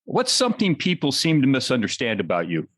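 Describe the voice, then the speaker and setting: A man's voice: medium pitch, wildly swooping pitch, brisk, fairly bright tone. A man hosting an interview, asking closing questions and answering with brief affirmations. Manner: brief affirmations and easy laughter. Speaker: podcast host. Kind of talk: casual interview.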